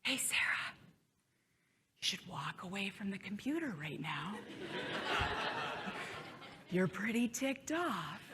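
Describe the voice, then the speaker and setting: A woman voicing a calm inner voice of caution in a whispered role-play. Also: medium pitch, takes it slowly, pauses often, a little hiss or hum, full character voice. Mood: hushed warning.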